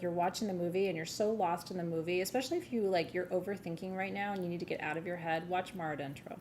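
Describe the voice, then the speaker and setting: A woman hosts a live sale stream in a loose, gushing way and swears now and then. Her voice sits a little low and has a gravelly fry to it. A faint hiss of noise runs underneath. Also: a little mellow. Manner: gushing, chatty, swears, laughs easily. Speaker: host of a live gem sale. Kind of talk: casual live-stream chat.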